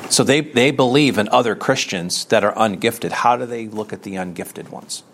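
A man's voice: fairly low pitch, normal speed, a bit bright. A man giving a conversational sermon as a Bible teacher, asking rhetorical questions and reading scripture aloud.

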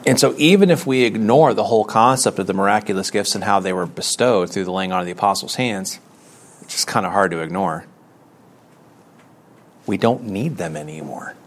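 A man's voice: on the low side, fairly quick. A man giving a conversational sermon as a Bible teacher, asking rhetorical questions and reading scripture aloud.

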